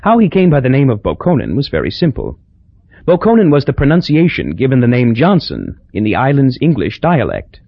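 Gravelly man narrating an audiobook. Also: medium pitch, huge pitch swings, a little fast, no echo. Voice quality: gravelly and husky. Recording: dull lo-fi dry audio.

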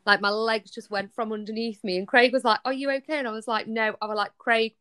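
Animated young woman telling a story. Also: a little high, quick pace, smooth. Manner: animated, acts out quoted dialogue. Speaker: guest. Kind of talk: casual storytelling.

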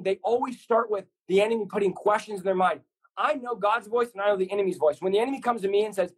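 A man preaching fervently as a podcast guest, his voice pitched high for a man and a little husky. He drives his point home in stacked, repeated short lines, with the insistent push of a sermon. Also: a little fast, poor audio. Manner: intense, repetitive, builds lists of short punchy lines.

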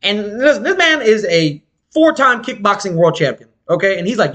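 A man chatting casually as a podcast co-host, telling animated, slangy, profane stories. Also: normal speed. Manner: animated storytelling, swings pitch wide, slangy and profane. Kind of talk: casual chat.

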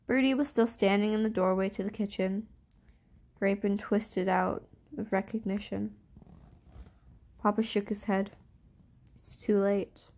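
Woman reading a chapter book aloud, mid pitch, calm and measured. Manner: measured, steady storytelling. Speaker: audiobook reader. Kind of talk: scripted narration.

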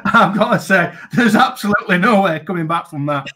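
As an interview guest, a man in his forties who used to play cricket shares casual stories in a high, husky, sharp-toned voice with lively intonation and a fairly quick pace. He laughs, restarts sentences and says um a lot.

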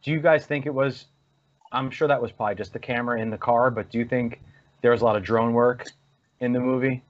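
A man's voice: mid-range voice, steady tone, fast. A man gushing about a movie's camera work in a casual podcast chat. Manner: enthusiastic, gushing. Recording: dull lo-fi sound.

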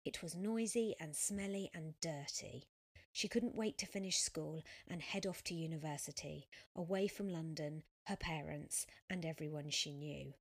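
A woman reading a story aloud as narrator, in a measured, even voice. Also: sits low. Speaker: audiobook narrator. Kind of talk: scripted narration.

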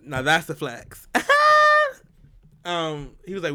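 A podcast co-host with a fairly high voice tells a story slowly in casual chat, over a noisy background. He's animated, laughing often and acting out what people said.

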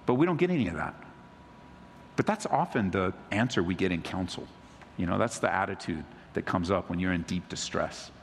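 Animated preaching man in an echoey hall. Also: deep voice, a little fast, slight background noise. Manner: animated storytelling, acts out quotes, laughs. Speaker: pastor. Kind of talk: sermon.

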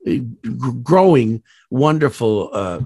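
A voice actor guest in an interview spins rambling anecdotes full of fillers and restarts, animated and laughing at his own stories. He speaks slowly in a mid-range voice. The sound is dry and close, with no room sound.

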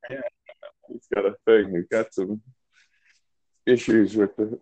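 A man's voice: on the low side, steady tone, measured pace, dark tone, slightly rough, poor audio. A man co-hosting a podcast, chiming in with short, laid-back remarks during casual chat. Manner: brief, laid-back interjections.

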